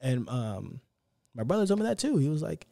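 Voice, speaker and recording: Recorded dry and close to the mic, a young solo podcast host sounds very animated, his warm, higher-leaning voice showing some vocal fry at a moderate pace. His casual monologue is unscripted and heartfelt, upbeat, motivational, and given to repetition.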